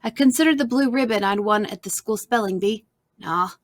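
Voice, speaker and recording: A woman's voice: a little high, brisk, no room sound, studio quality. Woman reading a storybook aloud.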